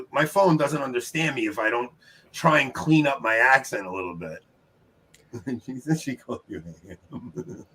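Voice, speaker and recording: A man with a Long Island New York accent hosting a casual trivia livestream from his home, upbeat and chatty, laughing often and tossing quick asides to the chat. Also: on the high side, fairly bright tone, husky. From New York, United States. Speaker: trivia show host.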